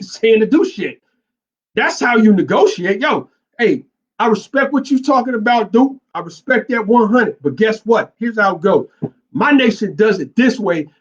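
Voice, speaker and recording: High-voiced blunt man, lo-fi sound. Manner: blunt, profane, emphatic street talk. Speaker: motorcycle club commentator. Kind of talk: casual monologue.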